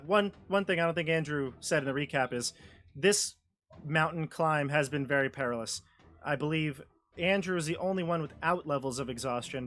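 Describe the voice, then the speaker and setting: A man's voice: a little high, fairly bright tone. Easygoing man running a tabletop game. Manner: easygoing, explains rules patiently. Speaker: dungeon master. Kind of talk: running a tabletop game over a video call. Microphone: video call.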